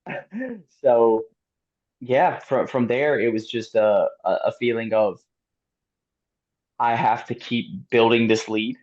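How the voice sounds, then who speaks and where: A man being interviewed, telling a race story in a casual, animated way, laughing often and using lots of fillers. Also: medium pitch, slow pace, long pauses. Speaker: guest athlete. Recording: dull lo-fi sound.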